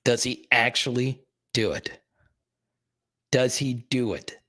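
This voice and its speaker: A man hosting a live sports stream, chatting casually and excitedly with his viewers and often repeating himself. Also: medium pitch, slow pace. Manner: excitable, talks straight to the chat, repeats himself.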